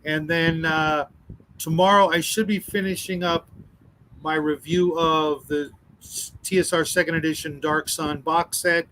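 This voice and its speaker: A man's voice: fairly high pitch, fairly even intonation, unhurried, fairly bright tone, poor audio. A man in a casual live-stream chat, plugging his upcoming videos with many hesitant fillers. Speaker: streamer promoting his channel.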